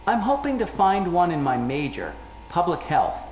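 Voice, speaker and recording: A woman's voice: on the low side, big pitch swings, normal speed, darkish tone. A woman voicing a young female public health student in a scripted textbook listening dialogue. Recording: echoey hall recording with noise.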